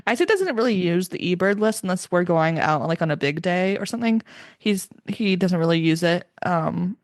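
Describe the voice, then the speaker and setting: A woman's voice: lowish voice, expressive, moderate pace, no room sound, clean studio sound. A young woman hosting a casual book podcast, chatty and opinionated, with lots of "like" fillers. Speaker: podcast host.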